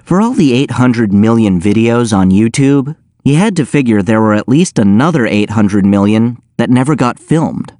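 A man reading a first-person audiobook in a wry, deadpan manner. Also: medium pitch, moderate pace, hardly any pauses, no echo, clean studio sound. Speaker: audiobook narrator.

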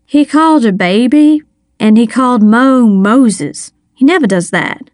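A woman's voice: fairly high pitch, lively intonation, measured pace, a little mellow, no echo, studio quality. A woman reading an audiobook, voicing a wry, protective older woman. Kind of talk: audiobook character voice.

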